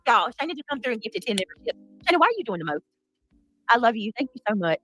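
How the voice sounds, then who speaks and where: A woman's voice: a little high, very animated, quick pace, fairly bright tone, no echo, poor audio. A woman hosting a livestream, talking in a chatty, sassy way and thanking viewers by name. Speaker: livestream host. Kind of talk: casual livestream commentary.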